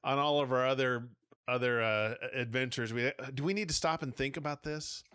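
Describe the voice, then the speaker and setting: A man's voice: medium pitch, moderate pace, bright, forceful tone, smooth, no room sound, clean studio sound. A man co-hosting a casual podcast who laughs a lot and reads a gamebook aloud in a playful way. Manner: laughing, playful, reads with put-on character voices.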